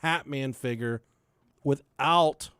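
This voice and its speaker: A man's voice: mid-range voice, slow, fairly bright tone, clean tone, no echo. A young man hosting a podcast, telling a story in a loose, profane way and laughing along with it. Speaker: podcast host. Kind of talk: casual storytelling chat.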